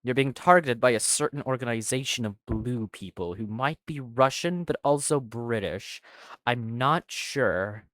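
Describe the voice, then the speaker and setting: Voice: mid-range voice, measured pace, a bit bright, no room sound. A streamer reading a game's dialogue aloud and joking and swearing between lines. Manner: reads characters' lines, then jokes and swears in between. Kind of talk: playing a game and voicing its dialogue aloud.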